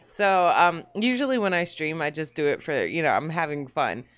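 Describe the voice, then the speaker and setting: A woman hosting a casual gaming podcast, bubbly and quick to tease her co-hosts. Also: low-pitched, animated. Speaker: podcast host.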